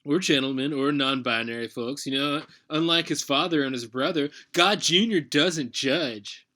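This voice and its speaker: A man's voice: a little high, moderate pace, bright, forceful tone. A man playing a laid-back smug god's son. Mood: mock-preachy. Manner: laid-back, mumbling, full of fillers. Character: smug male deity, lazy pickup artist. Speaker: comedy performer. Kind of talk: comedic reading.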